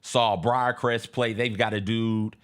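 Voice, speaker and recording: A man's voice: fairly low pitch, slow pace. A man co-hosting a radio show, telling a story in casual chat with restarts. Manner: lively, animated, with frequent restarts and laughs.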